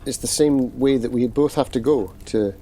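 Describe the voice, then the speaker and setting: A man's voice: mid-range voice, moderate pace, mellow. A man playing a tabletop role-play game, earnest and thinking aloud. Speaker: player.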